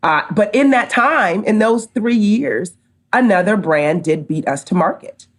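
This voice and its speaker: A woman's voice: mid-range voice, unhurried. A middle-aged American woman, a company co-founder, telling a long story as a podcast guest and acting out the dialogue. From United States. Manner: animated storyteller, acts out quoted dialogue. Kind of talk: storytelling in a casual interview.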